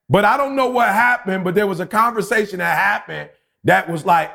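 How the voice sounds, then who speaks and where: A man in his forties on a casual podcast, telling a story with lively acted-out quotes. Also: high-pitched, fairly quick, creaky. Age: 40s. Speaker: podcast co-host.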